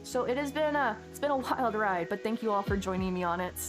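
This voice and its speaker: A woman's voice: mid-range voice, expressive, fairly quick. A woman streamer chatting casually on a live stream, thanking viewers effusively and rambling with lots of restarts. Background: background music.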